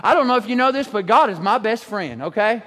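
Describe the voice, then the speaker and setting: A man preaching a sermon, animated, shouting some lines and drawing others out slowly. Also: high voice, long reverb tail. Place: church sanctuary.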